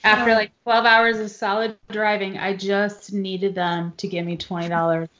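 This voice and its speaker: A woman's voice: medium pitch, normal speed. A woman guest telling stories in casual podcast chat, acting out what other people said. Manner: animated storyteller, mimics others. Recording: dull lo-fi audio with faint noise.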